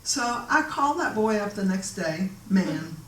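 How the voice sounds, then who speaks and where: A woman telling a story from her own life in a casual, animated way, often laughing and acting out the voices of the people in it. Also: medium pitch, a little slow, a little hiss or hum. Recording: echoey room, voice a bit distant.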